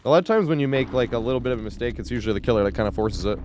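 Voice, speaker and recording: A man's voice: mid-range voice, expressive, racing, background noise. A man giving casual live commentary as a game streamer, chatty, laughing often and making sarcastic asides.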